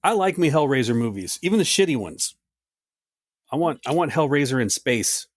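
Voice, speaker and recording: A man co-hosting a podcast in casual chat, dry and wry, with short reactions that drop low. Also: sing-song, moderate pace, no echo. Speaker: podcast co-host.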